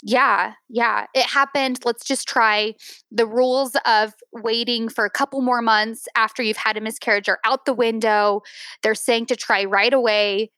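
Tearful woman in her thirties, halting. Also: a little high, fairly even intonation, bright, forceful tone, no echo. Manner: tearful, halting, many restarts and fillers. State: teary. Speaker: podcast guest. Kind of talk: emotional personal story on a podcast.

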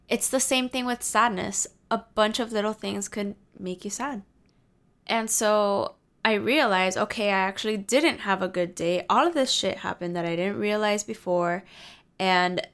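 A woman's voice: mid-range voice, a bit bright, clean tone. A young adult woman vlogger giving casual, candid life advice to her viewers, confiding and swearing freely.

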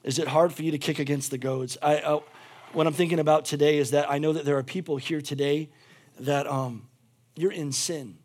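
A man preaches a sermon in a fairly high voice. He swings from near-shouted fervor to soft, intimate appeals. He drives his points home by repeating the same phrases. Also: fairly even intonation, fairly quick. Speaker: pastor.

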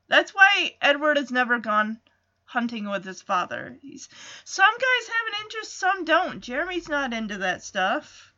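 Give me a bright, chatty woman recapping a TV episode. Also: high-pitched, big pitch swings, normal speed, muffled recording. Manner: chatty, digressive, with frequent asides and self-corrections. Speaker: podcast host recapping a TV episode. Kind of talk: casual recap commentary.

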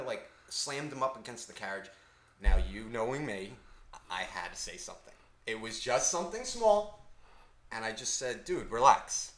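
A man co-hosting a podcast, telling a story in a casual, profane, animated way. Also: mid-range voice, echoey room, a little hiss or hum. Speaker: podcast co-host.

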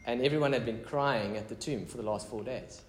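A man's voice: medium pitch, fairly quick, roomy sound, a little hiss or hum. A man preaching a casual, conversational sermon as pastor, mixing prayer, scripture reading and chatty asides.

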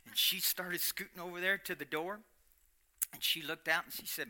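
Middle-aged man, sharp, animated sermon storytelling. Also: high-pitched, moderate pace. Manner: animated, swinging from loud to hushed. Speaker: preacher sharing a testimony.

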